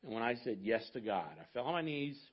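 A man in his fifties, a pastor preaching a sermon and telling a personal story with animated asides to the congregation. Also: mid-range voice, quick pace, breathy edge, highs cut off.

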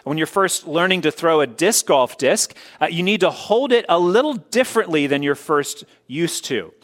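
Animated, emphatic male preacher. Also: on the high side, moderate pace. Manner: emphatic, repeats key words for stress. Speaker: pastor. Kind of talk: sermon.

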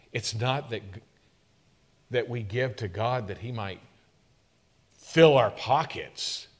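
A male pastor delivering a sermon, full of rhetorical questions, swelling louder and then dropping low.

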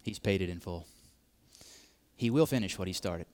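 A man's voice: low-pitched, normal speed, a little mellow, a little hiss or hum. A man preaching a sermon, repeating key phrases, swelling to emphatic peaks and dropping to near whispers. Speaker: pastor.

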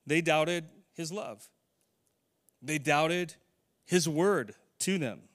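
A man's voice: fairly high pitch, very slow, a bit bright. A middle-aged man preaching a conversational sermon, putting questions to his congregation. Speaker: pastor.

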